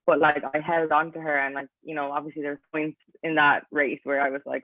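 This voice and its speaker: A woman's voice: low voice, level tone, fast, dry recording. Chatty Irish woman on a tinny line. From Ireland. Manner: chatty, fills talk with "like". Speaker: athlete guest. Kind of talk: casual interview answers. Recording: tinny, dry, phone-like line.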